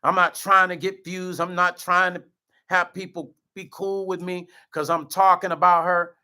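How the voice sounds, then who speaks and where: A middle-aged man on his vlog, fighting back tears as he talks earnestly to his viewers. His voice is fairly high and bright, with a forceful edge, and he keeps circling back to the same words. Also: flat delivery, moderate pace, clean tone. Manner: earnest, repeats himself, addresses viewers as y'all. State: choked up, near tears. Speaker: vlog host. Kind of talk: emotional direct-to-camera talk.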